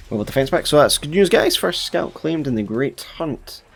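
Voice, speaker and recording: A man's voice: fairly high pitch, animated, fairly quick, vocal fry, few pauses, husky. A man casually commenting on his gameplay as a gaming YouTuber, chatty and laid-back with playful asides.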